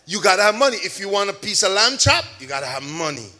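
A man preaching a sermon to a congregation, shouting key words, drawing out call-and-response and mixing in chatty everyday examples. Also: high-pitched, very animated, fast. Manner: homely store examples, chatty asides. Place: church service with a congregation.

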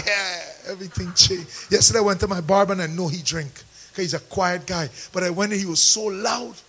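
A man preaching a sermon, calling out to the congregation and rising into shouts. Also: high voice, normal speed, breathy edge, rough recording. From Caribbean. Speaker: pastor.

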